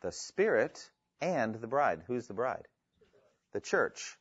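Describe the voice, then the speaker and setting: A man lectures a class on evangelism, often pausing to read Bible verses aloud with rising emphasis. His voice sits at a middle pitch and sounds dry and close, with a slightly muffled, lo-fi quality. He turns to the class with questions now and then. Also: sing-song, husky, no echo. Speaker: evangelism instructor. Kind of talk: classroom lecture with scripture reading.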